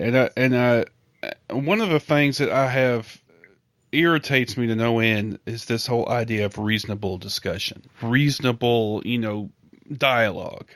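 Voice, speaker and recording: A man's voice: mid-range voice, creaky, dry recording, clean studio sound. A man hosting a casual podcast conversation, blunt and profane, with lots of fillers. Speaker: podcast host.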